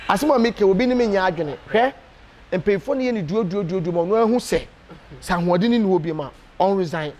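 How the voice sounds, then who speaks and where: A Ghanaian man with a high voice talks in an animated, emphatic way, stopping often on hesitation fillers. He is the guest in a casual interview. A faint hum of ambience sits behind him.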